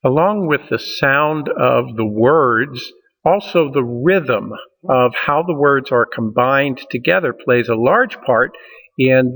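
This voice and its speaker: A male college instructor delivers a recorded lecture. His voice sits in a middle pitch. He explains step by step and pauses often on uh and um. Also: in a large hall, poor audio. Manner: explanatory, with frequent uh and um fillers.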